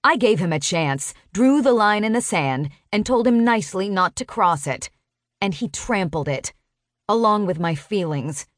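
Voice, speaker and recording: Expressive woman narrating a romance audiobook. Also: medium pitch, moderate pace, dry recording, clean studio sound. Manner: expressive, sharp-tongued storytelling.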